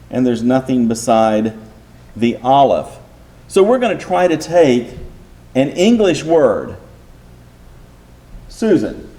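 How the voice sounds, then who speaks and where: With a dark, medium-pitched voice, a man leads a Bible class as a lecture. He works through the material patiently, step by step, and asks his listeners rhetorical questions.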